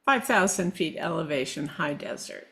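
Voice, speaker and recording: A middle-aged woman talking casually as a guest, meandering and halting with restarts. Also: sits low, lively intonation, vocal fry, a bit bright. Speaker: guest, shamanic practitioner. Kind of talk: casual conversation.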